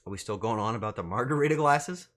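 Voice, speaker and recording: A man's voice: lowish voice, animated, fast, a bit bright. A male streamer in casual live-stream chat, flustered and swearing as he banters with his chat.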